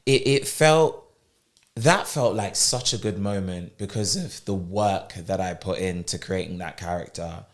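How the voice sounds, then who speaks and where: A young man from England, a guest actor, chatting in a relaxed, storytelling way. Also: deep voice, measured pace. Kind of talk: casual interview chat.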